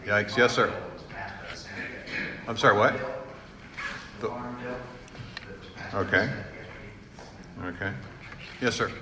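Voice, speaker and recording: A man's voice: lowish voice, steady tone, extremely slow, pauses often. A middle-aged man, a former governor, telling self-deprecating anecdotes in an informal speech to an audience in a large hall. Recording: echoey hall, room noise.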